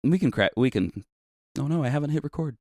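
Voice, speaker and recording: A man's voice: a little high, animated, quick pace, darkish tone, dry recording, studio quality. A man co-hosting a casual movie review podcast, joking around and laughing often. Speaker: podcast co-host.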